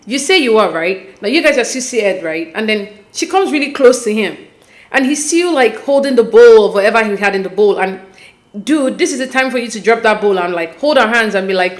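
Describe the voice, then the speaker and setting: A woman's voice: mid-range voice, lively intonation, a little fast. A woman hosting a casual show recap, talking animatedly and with exasperation straight to her viewers. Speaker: podcast host recapping a reality show. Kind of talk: casual commentary.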